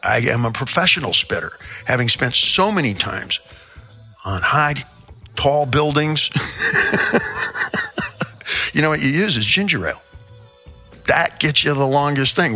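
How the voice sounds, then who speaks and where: Over soft background music, an older Midwestern host rambles through a theatrical comic rant, veering into sudden asides. His mid-range voice has lively intonation, a moderate pace, and a bright, forceful tone.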